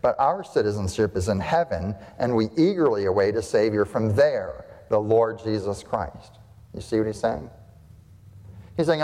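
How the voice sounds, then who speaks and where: A man's voice: on the low side, expressive, moderate pace, mellow. A male pastor delivering a sermon to his congregation, emphatic, with rhetorical questions and repeated phrases. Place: church sanctuary. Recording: long hall reverb.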